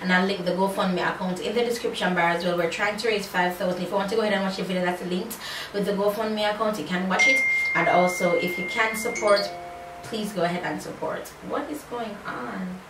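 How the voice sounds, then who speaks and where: A woman's voice: mid-range voice, steady tone, fast talker. A woman in her thirties with a Jamaican accent, answering tag questions in a sassy, playful way on a phone video. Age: 30s. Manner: sassy, playful, breaks into little sung bits. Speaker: YouTuber. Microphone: phone camera. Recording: roomy, distant phone mic, faint ambient noise.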